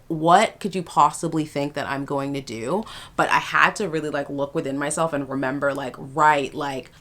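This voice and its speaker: A woman's voice: low voice, a bit bright. A young adult woman vlogger telling a personal story in a casual, emphatic way, full of fillers.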